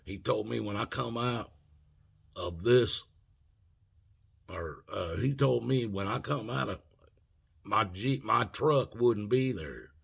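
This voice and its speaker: Man in his 40s, vlog storyteller, low gravelly voice with a bright, husky edge, animated retelling. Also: slow pace, long pauses. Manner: animated retelling, acts out both sides of the argument. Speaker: vlogger. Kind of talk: casual storytelling.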